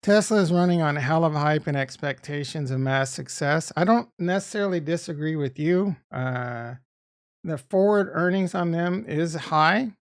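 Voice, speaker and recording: A man's voice: a little high, normal speed, smooth. Rambling, profane Boston-accented man. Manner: rambling, profane, talks back to chat. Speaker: crypto streamer reading chat. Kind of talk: casual livestream chat.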